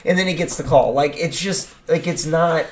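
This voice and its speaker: A man's voice: a little high, normal speed, darkish tone, a little hiss or hum. A man from Indiana co-hosting a casual sports chat, ranting heatedly and emphatically. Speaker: co-host.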